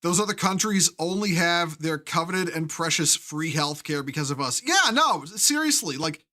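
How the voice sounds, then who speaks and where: A man's voice: fairly high pitch, expressive, pushed and bright. A man hosting a live stream, ranting with heavy profanity and frequent restarts. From United States. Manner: profane, heated, halting restarts.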